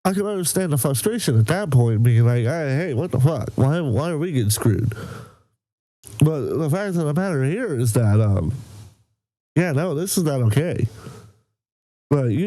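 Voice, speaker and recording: A man's voice: on the high side, very animated, normal speed, dark tone, no echo. A man hosting a reaction video in casual, blunt commentary, still sick, with audible breathing and an incredulous, profane way of talking.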